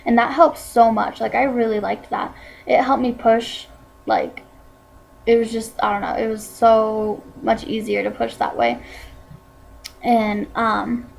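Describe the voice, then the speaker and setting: A woman's voice: a little high, creaky, darkish tone, a little hiss or hum, low-quality recording. A teenage woman vlogger telling a personal story in a casual, chatty way, full of "like" and "um" fillers. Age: teens.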